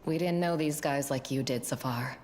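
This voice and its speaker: A blunt young starship captain. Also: female voice, a bass voice, normal speed, darkish tone, slight background noise. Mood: terse. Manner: blunt, matter-of-fact. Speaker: game character. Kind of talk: video game dialogue.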